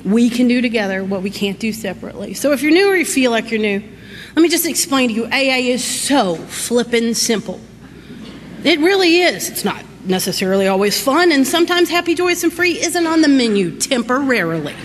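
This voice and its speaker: Woman, middle-aged, high voice, telling her recovery story in an echoey hall, faint hiss. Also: brisk. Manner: folksy, animated, laughs through her story. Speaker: recovery meeting speaker. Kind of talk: personal recovery talk.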